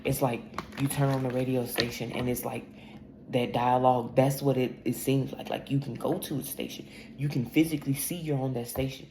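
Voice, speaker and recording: Blunt, gravelly-voiced woman tarot reader. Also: a bass voice, steady tone, brisk, dark tone. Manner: blunt, profane, emphatic storytelling. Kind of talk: casual spiritual reading monologue. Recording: echoey room with clear background noise.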